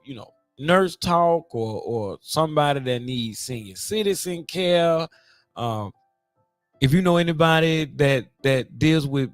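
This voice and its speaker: Rambling, profane and animated, this podcast host talks casually on his own show and invites guests along the way. His voice sits on the high side, and the recording has no room sound.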